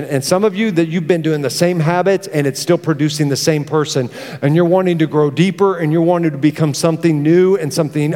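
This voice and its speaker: A middle-aged pastor, preaching a lively sermon and acting out his stories. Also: a little high. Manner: animated, storytelling with acted-out exclamations. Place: church hall. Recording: reverberant church hall.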